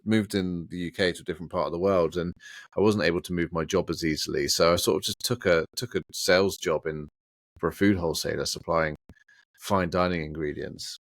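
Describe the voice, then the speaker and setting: A man's voice: sits low, a little fast, no room sound, clean studio sound. A middle-aged man with an English accent, a guest in a casual interview, telling stories with laughter and acting out the voices of people he quotes. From England. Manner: animated, laughs often, acts out quoted voices.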